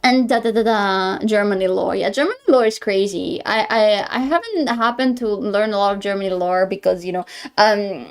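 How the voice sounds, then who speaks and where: A young Greek woman, whose first language is Greek, chats casually on a live stream in a mid-range voice at a moderate pace. She rambles and corrects herself, stammering and laughing often.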